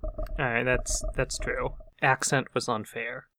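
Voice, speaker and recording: A man's voice: mid-range voice, level tone, takes it slowly, bright, forceful tone, a little hiss or hum. A man co-hosting a podcast in casual chat, with a dry, wry manner. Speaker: podcast co-host.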